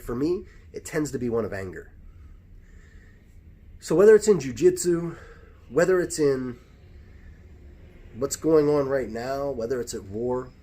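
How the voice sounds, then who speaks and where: Husky man giving reflective advice. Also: medium pitch, dark tone. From United States. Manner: reflective, conversational, many restarts. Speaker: jiu-jitsu instructor. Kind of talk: casual advice talk.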